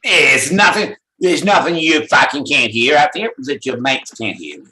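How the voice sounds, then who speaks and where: A man's voice: medium pitch, lively intonation, normal speed, sharp tone, voice pushed up, low-quality recording. A man voicing a mouthy Cockney lad who likes the pub, rambling and swearing with a put-on Cockney accent. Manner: rambling, swearing, breaks into laughs.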